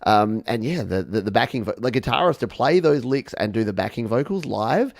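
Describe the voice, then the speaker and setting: A man's voice: medium pitch, expressive, fairly quick, creaky, dry recording, studio quality. A man guest on a music panel, enthusiastic, stammering into restarts as he talks. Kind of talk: casual panel discussion.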